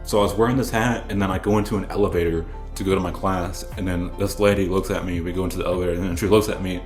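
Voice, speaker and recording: Rambling young man, low voice, echoey room. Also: steady tone, very fast. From American South. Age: young adult. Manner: rambling, restarts often, laid-back storytelling. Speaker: vlogger. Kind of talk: casual show-and-tell chat. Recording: echoey room with faint music.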